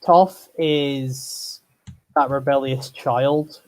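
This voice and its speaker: A man co-hosting a podcast, chatting casually in a relaxed, agreeable way, often filling pauses with "like". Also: medium pitch. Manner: relaxed, agreeable, lots of fillers like "like". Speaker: podcast co-host. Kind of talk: casual chat.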